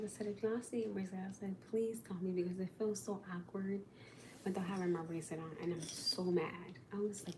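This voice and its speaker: A woman's voice: mid-range voice, steady tone, quick pace, background noise. Exasperated woman chatting on a phone livestream. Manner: chatty, exasperated, addresses viewers as y'all. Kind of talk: casual livestream chat.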